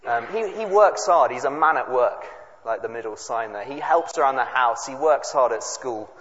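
A man at a family service, reading a Bible story aloud and explaining it to the children in a chatty way, with quick asides to the audience. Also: medium pitch, animated, fairly bright tone. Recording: echoey hall, dull lo-fi sound, faint noise.

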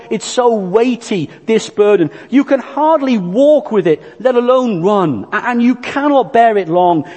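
A man preaching a sermon, earnest and deliberate, walking listeners through illustrations. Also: sits high, a little mellow. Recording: long church reverb.

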